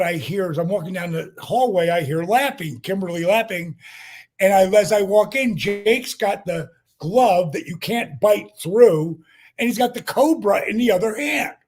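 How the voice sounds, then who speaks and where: A man in his sixties, a podcast guest telling a story in a lively, profane way with many fillers, acting out what people said. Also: high voice, a little slow. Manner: profane, acts out quotes, lots of fillers. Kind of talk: animated storytelling.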